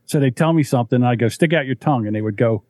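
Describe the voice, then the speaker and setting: A middle-aged man hosting a casual podcast chat, telling stories in an animated way. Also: rapid-fire, no room sound. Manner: animated storyteller, lively swings in pitch. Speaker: podcast host.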